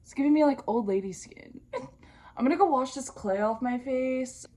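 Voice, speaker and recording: A woman's voice: high voice, moderate pace, heavy background noise. Slangy young woman telling a storytime. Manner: slangy and profane, with comic asides. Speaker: vlogger. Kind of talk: casual storytime while doing skincare.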